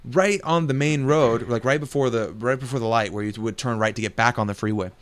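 A young man co-hosting a casual gaming podcast, telling a long story in a relaxed way, laughing often and swearing freely. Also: mid-range voice, brisk. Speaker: podcast co-host.

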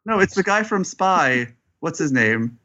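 A man's voice: a little high, big pitch swings, measured pace, pushed and bright, dull audio. A man, a film critic on a podcast panel, chatting casually with dry humor.

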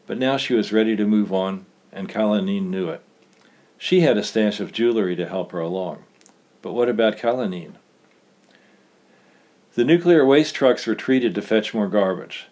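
Low-voiced man reading a story. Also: darkish tone. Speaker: author reading his own story.

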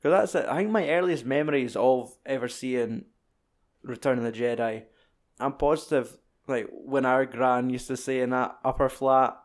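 A Scottish man in relaxed film chat, mid-pitched and easygoing. He swears freely and keeps slipping into jokey acted-out bits of dialogue. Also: normal speed. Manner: sweary, jokey, acts out film lines in other voices. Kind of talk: casual chat about films.

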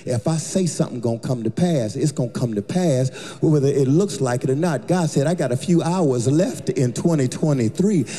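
A man's voice: mid-range voice, expressive, moderate pace, few pauses, dark tone. A male pastor preaching a rousing sermon in a church, chanting and hollering with call-and-response. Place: church sanctuary. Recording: long church reverb with music behind.

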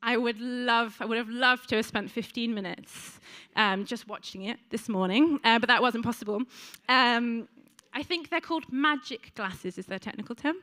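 Bright-voiced woman preaching a chatty sermon. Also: a little high, normal speed, hardly any pauses. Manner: chatty and warm, with frequent ums and asides to the congregation. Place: church before a congregation.

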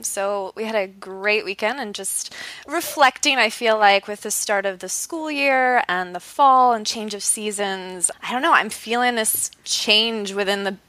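Woman, bright crisp voice, dry close sound, podcast co-host, self-deprecating, laughing. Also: mid-range voice, no echo. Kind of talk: casual podcast chat.

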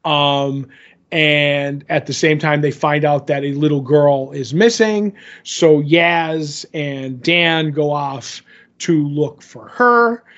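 A man's voice: fairly high pitch, takes it slowly, fairly bright tone, highs cut off. A man casually recapping a TV episode in a loose, rambling way, full of fillers. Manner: rambling, filler-heavy retelling. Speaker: podcast co-host.

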